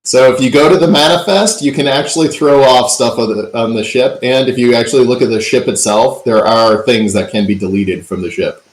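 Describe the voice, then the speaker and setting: A man narrates a tabletop game as its game master, easygoing and peppered with fillers. His voice sits at a middle pitch. The room gives it a noticeable echo. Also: brisk, hardly any pauses. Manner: relaxed, filler-heavy narration. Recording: echoey room.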